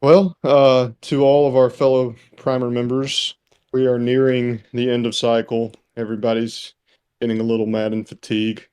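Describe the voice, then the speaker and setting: Relaxed, chuckling man from Mississippi. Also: mid-range voice, moderate pace, clear, resonant tone. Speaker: podcast co-host. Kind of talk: casual podcast chat.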